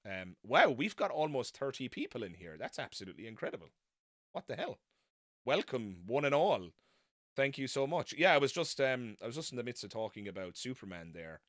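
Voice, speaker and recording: This non-American man hosts a live stream, rambling casually, joking at his own expense and wandering off on tangents. His medium-pitched voice swings widely in pitch, moves a little fast and sounds fairly bright, captured with clean studio sound and no room sound.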